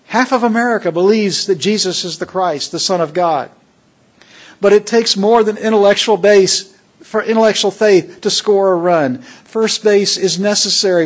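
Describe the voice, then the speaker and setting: Male preacher, sermon, husky, higher voice, emphatic, rhetorical questions to the congregation. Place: church worship assembly.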